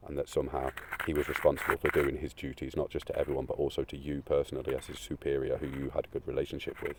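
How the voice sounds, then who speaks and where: A man weeps his way through a rambling, emotional monologue full of swearing, veering between loud outbursts and quiet, almost whispered lines. His bass voice is monotone and fast, with noise in the background.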